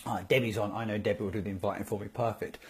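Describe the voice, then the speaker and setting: A man's voice: lowish voice, fairly even intonation, very fast, a little mellow. A man hosting a casual live video stream on network marketing, upbeat and chatty, greeting viewers one by one by name. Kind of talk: casual Facebook Live talk.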